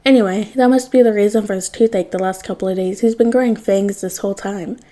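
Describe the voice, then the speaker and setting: A woman reading fan fiction aloud in a wry, expressive way. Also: mid-range voice. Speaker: podfic reader.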